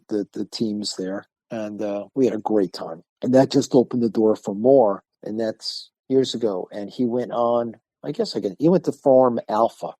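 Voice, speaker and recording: An older man, a martial arts instructor, telling lively stories in a podcast interview and acting out the people he quotes. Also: fairly low pitch, no room sound. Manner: animated storyteller acting out quoted voices.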